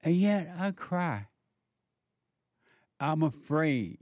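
Slow, preachy male radio host. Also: fairly high pitch, expressive, a little mellow, dry recording. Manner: slow, preachy, repetitive emphasis. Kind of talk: spiritual call-in radio talk.

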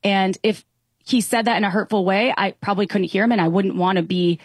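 A woman's voice: medium pitch, a little fast, breathy edge, no echo, studio quality. A woman guest on a talk show speaking earnestly and reflectively about relationships, often restarting her sentences. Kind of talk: casual talk show conversation.

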